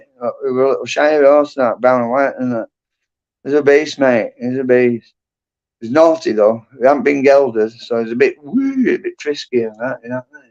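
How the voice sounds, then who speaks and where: A man's voice: mid-range voice, darkish tone. A middle-aged man, chatting casually on a livestream, rambling and swearing with lots of "and that" and "you know". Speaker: livestream host. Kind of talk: casual chat. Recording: dull lo-fi livestream audio.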